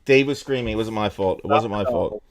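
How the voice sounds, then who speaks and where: A man's voice: on the low side, fairly quick. A man co-hosting a comedic chat show, flustered and apologetic while juggling the stream. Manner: flustered, apologetic, laughing often. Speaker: co-host running the stream.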